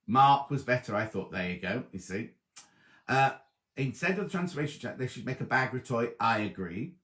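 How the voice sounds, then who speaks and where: A man's voice: medium pitch, lively intonation, moderate pace. Guy chatting on a livestream, reads out comments, voice bounces up and down, echoey room. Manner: chatty, reads viewer messages aloud, warm greetings. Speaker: host of a live sewing chat stream. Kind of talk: casual live-stream chat reading comments. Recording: roomy echoey live stream.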